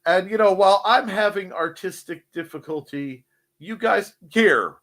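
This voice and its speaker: A man's voice: high-pitched, a little slow, fairly bright tone. A man hosting a casual morning show, joking, rambling and reading out chat messages. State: cold.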